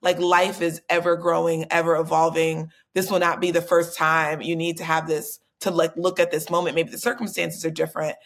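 A woman hosting a podcast, relaxed and conversational, asking long rambling questions. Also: sits low, fairly quick, hardly any pauses. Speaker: podcast host. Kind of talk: casual podcast interview.

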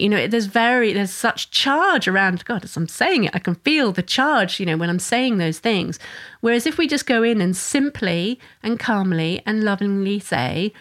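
A woman's voice: mid-range voice, expressive, moderate pace, a bit bright. A mother and parenting educator giving an earnest, flowing solo talk, often restarting her sentences. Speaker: mother of a young son.

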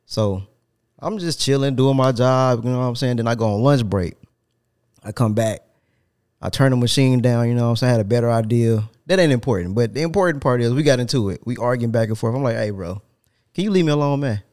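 A man hosting a casual podcast, telling an animated, profane story with laughter. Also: medium pitch, a little fast. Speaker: podcast host.

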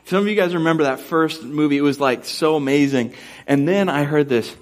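A young adult man preaching a sermon as a pastor, telling a funny personal story with animated, self-mocking delivery before turning to scripture. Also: on the high side, fairly quick.

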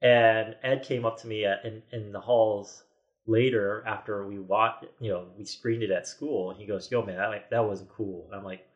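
A man's voice: lowish voice, fairly even intonation, normal speed, highs cut off. A man in his forties, a podcast guest, telling a story in casual chat with many restarts and quoted asides.

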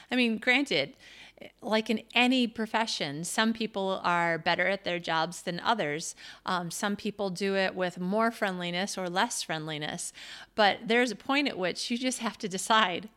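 A woman's voice: mid-range voice, moderate pace, a bit bright. A woman from the United States talking casually in a solo monologue, chatty and self-deprecating, laughing often. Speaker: podcast host and author.

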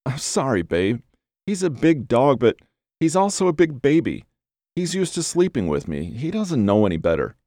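A man voicing an affectionate young man who dotes on his dog, speaking in a gentle, coaxing way. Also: mid-range voice, big pitch swings, moderate pace, no room sound, studio quality, voice pushed up, lightly acted. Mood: soothing.

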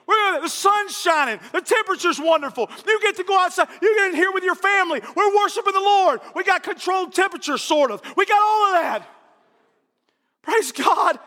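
A man's voice: very high voice, brisk, few pauses, sharp tone. A man preaching a sermon fervently, often repeating himself and raising his voice. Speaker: pastor. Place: church sanctuary. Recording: reverberant church hall.

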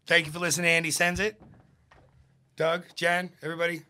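Bright-voiced man podcast host. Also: on the high side, level tone, quick pace, a little hiss or hum. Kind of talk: casual chat.

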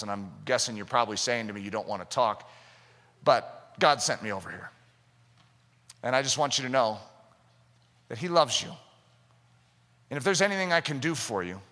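Animated preacher in a big echoing hall. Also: male voice, mid-range voice, a little fast, pauses often. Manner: animated, acts out little scenes in different voices. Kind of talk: sermon. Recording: long hall reverb.

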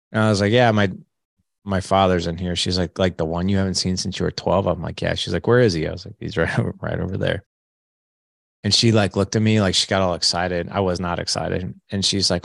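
A man's voice: sits low, little pitch movement, a little fast, vocal fry, no echo, studio quality. A man in his late forties, a podcast guest telling his life story candidly and acting out the dialogue with animation. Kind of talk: storytelling in an interview.

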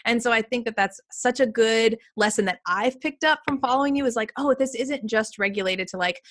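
A woman's voice: fairly high pitch, a little fast, a bit bright. A woman in her thirties hosting a podcast, chatty and enthusiastic, with many casual fillers. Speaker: podcast host.

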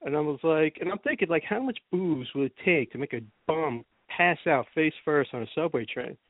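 A man's voice: a little high, animated, normal speed, dry recording. A man from New Jersey hosting a podcast, telling rambling stories in casual chat and laughing often. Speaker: podcast host. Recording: tinny phone-like sound, dry.

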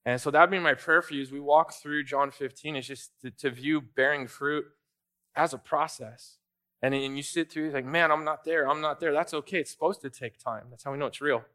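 A man's voice: a little high, fairly even intonation, fairly quick, sharp tone. A younger male pastor preaching a sermon in a church, talking in a loose, conversational way with fillers and restarts. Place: church sanctuary.

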